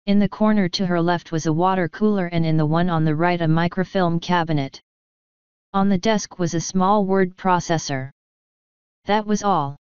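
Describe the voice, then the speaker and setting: A woman with a low-pitched, very smooth voice reads an audiobook in a steady, even manner. The sound is dry and close, with a slightly dull, lo-fi tone. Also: dry recording. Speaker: audiobook narrator. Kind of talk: scripted audiobook narration.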